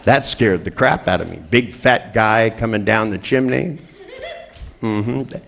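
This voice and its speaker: A man's voice: on the low side, unhurried, creaky, a bit bright. A middle-aged man giving a humorous seminar talk to a group, telling jokey stories and acting out the voices of people in them. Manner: joking storyteller who acts out quoted voices. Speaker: seminar trainer.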